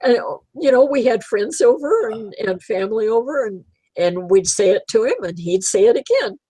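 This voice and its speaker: A woman's voice: on the high side, lively intonation, normal speed, mellow, slightly rough, dry recording, rough recording. A woman in her eighties, a guest telling pet stories in a rambling, chatty way and laughing often. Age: 80s. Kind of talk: casual chat.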